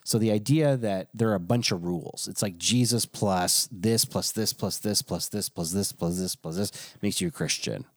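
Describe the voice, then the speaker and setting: A man's voice: lowish voice, normal speed, hardly any pauses, dry recording, clean studio sound. A man who is a pastor, telling a story in casual chat with restarts and frequent chuckles.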